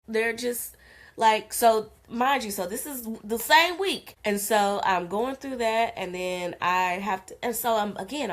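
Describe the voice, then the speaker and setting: A woman in her forties talks straight into her phone from the driver's seat of her car, with a mid-pitched voice that is neither high nor low. She tells a personal story in a loose, candid monologue, swears freely, and calls the listener honey. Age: 40s. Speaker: content creator. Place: in her car in a parking lot.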